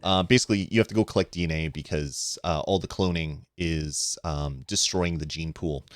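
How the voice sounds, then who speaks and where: A man's voice: rumbling low, moderate pace, no echo, studio quality. A man hosting a gaming channel, chatting casually over gameplay, laughing often and trailing off with fillers. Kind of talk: casual let's-play commentary.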